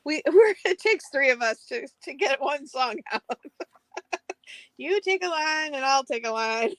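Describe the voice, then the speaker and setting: A woman's voice: high-pitched, expressive, no room sound. A woman co-hosting a live craft sale, giggly and chatty, counting down the bids. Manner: giggly, slow and warm, counts down auctions. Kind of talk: casual live-stream chat.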